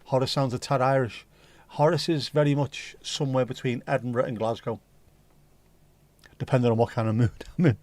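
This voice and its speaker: A man hosts a relaxed livestream, rambling through viewer comments and swearing casually. His voice sits at an ordinary middle pitch. The sound is close and dry, with no room echo. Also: fairly quick. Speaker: livestream host.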